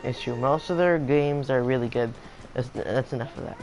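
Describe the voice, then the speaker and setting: A man with a mid-range voice guiding a relaxed chat, moving from topic to topic and weighing his opinions. A faint hiss sits under the recording. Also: medium pitch, low-quality recording. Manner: steers the topics, measured opinions. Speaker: co-host of a game review. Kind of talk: casual chat.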